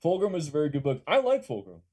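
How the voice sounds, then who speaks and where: A man's voice: fairly high pitch, wildly swooping pitch, fast, a little mellow. A young man from California with a Californian accent, chatting casually on a live stream, reading and answering chat questions, laid-back and swearing freely.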